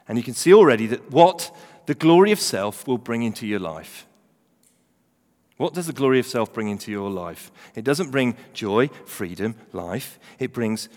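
A middle-aged man preaching a sermon, animated, swinging from loud emphasis to hushed, quiet readings. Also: medium pitch. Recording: reverberant hall.

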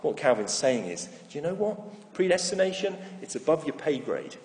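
A middle-aged man preaching a sermon, telling stories and stressing key phrases with slow repetition. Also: on the high side, big pitch swings, darkish tone. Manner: storytelling, emphatic with slow repeated phrases. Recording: echoey hall reverb.

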